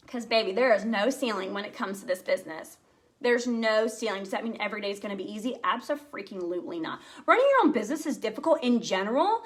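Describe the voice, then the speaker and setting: Speaking straight to her audience in a high-pitched voice, a sales team director delivers a lively, conversational pep talk.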